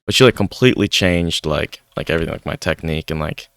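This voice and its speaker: A man's voice: extremely low pitch, fast talker, vocal fry, a bit bright, no echo, clean studio sound. A young man chatting casually over gameplay, rambling with lots of "like". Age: young adult. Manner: rambling, heavy use of "like". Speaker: gaming YouTuber. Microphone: desk microphone.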